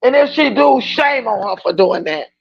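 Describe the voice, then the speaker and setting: A woman's voice: fairly high pitch, expressive, moderate pace, creaky, husky, lo-fi sound. A woman hosting a casual livestream reaction chat, talking in an emphatic, outspoken way and often raising her voice.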